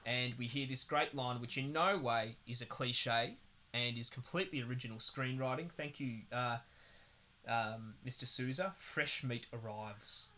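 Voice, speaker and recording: Speaking at normal speed in a mid-range, pushed, bright voice, a male podcast co-host rambles sarcastically about a film and swears a lot in casual chat. Slight background noise can be heard.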